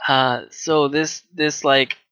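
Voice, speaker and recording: A man's voice: mid-range voice, fairly even intonation, slow pace, bright, forceful tone, smooth, no room sound, low-quality recording. A man in casual chat, telling a rambling work story with restarts and acted-out dialogue.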